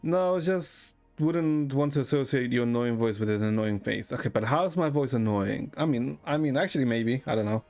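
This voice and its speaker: A man streaming and chatting casually with a deadpan manner, swearing often. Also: medium pitch, normal speed, few pauses, faint music behind.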